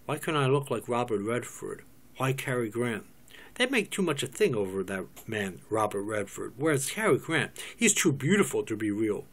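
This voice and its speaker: A man's voice: medium pitch, big pitch swings, moderate pace, a bit bright. A man cold-reading a script, playing a sheltered, awkward philosopher in a flustered, self-doubting way.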